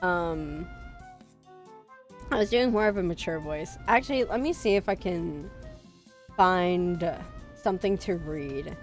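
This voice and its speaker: Speaking slowly with frequent pauses, this young woman's voice sits on the low side. She's a VTuber streamer chatting in a loose, rambling way, full of fillers and self-deprecating laughter, with faint music in the background.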